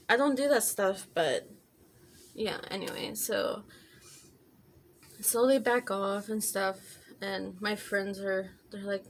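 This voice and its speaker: A woman's voice: mid-range voice, slow pace, long pauses, slight background noise. A woman telling a casual storytime vlog while doing her makeup, talking in loose chatty runs full of fillers and restarts. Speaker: vlogger.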